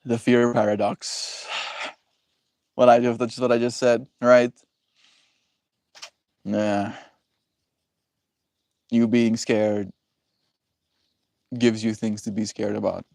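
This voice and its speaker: A man's voice: mid-range voice, flat delivery, slow, vocal fry, long pauses, darkish tone, no room sound. A man hosting a livestream who chats casually with viewers, rambling and reflective and laughing often. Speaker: livestream host.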